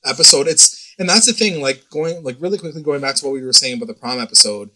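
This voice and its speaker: Male podcast co-host with a very bright voice, loose and rambling, curses often, middle pitch. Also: fast talker, poor audio. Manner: rambling, swears freely, acts out quotes. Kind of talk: casual recap chat.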